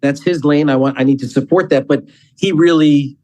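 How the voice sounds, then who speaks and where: A man with a slightly raised pitch speaks as a podcast guest. He is relaxed and conversational, though his sentences stop and restart while he works out what he means. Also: rough recording. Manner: halting, repeats words while thinking. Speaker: athletic director, guest.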